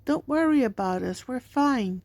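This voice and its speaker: A woman's voice: sits high, expressive, measured pace, gravelly, darkish tone, no echo, pitched above the performer's own voice, exaggerated voice. A woman voicing young children who speak in an earnest, reassuring way.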